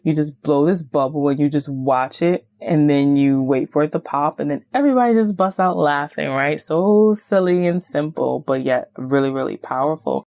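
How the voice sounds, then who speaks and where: A woman hosting a self-help podcast in a casual, animated way, often acting out what people say. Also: sits low, gravelly, dry recording. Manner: animated, acts out quoted voices, many "like"s. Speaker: podcast host and certified hypnotist.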